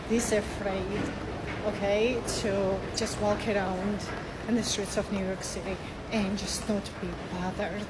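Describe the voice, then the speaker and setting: A woman talking candidly to camera outdoors, nervous and laughing as she speaks. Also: medium pitch. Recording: loud street noise behind.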